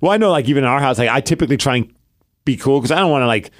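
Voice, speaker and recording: A man's voice: medium pitch, very fast. A man in his thirties co-hosting a sports podcast, chatting casually and acting out funny family moments. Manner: animated, acts out his daughter's lines. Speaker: podcast co-host. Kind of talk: casual chat.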